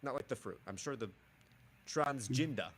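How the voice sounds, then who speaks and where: A man in casual podcast chat who talks at a breakneck clip. His voice has a bright, forceful edge, and he breaks into playful bursts of vocal sound effects. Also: mid-range voice, animated, quick pace. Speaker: podcast co-host. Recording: podcast mic.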